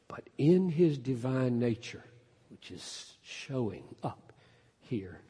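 A man preaching an expository sermon, emphatic, climbing to loud peaks and then dropping low. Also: big pitch swings, takes it slowly, breathy edge. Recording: long hall reverb.

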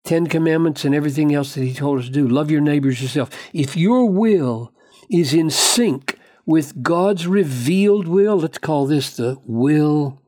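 A man preaching an expository Bible lesson, emphatic and deliberate, quoting verses and pressing each point home. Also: fairly high pitch, a little mellow. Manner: emphatic, slow and deliberate with sudden bursts of speed on quotations.

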